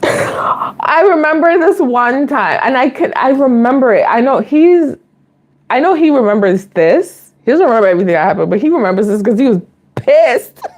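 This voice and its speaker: A woman in her late thirties hosts a casual live Q&A. Her voice sits high and swings widely as she tells stories to viewers. She is chatty and confiding and often breaks into laughter. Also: moderate pace. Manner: animated, laughs often while telling stories. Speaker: vlogger host.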